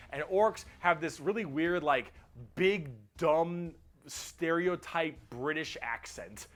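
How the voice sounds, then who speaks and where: Man with a somewhat high voice, irreverent comedic explainer narration, casual cursing. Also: slow. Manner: irreverent, swears, mock-dumb phrasing. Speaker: video essay narrator.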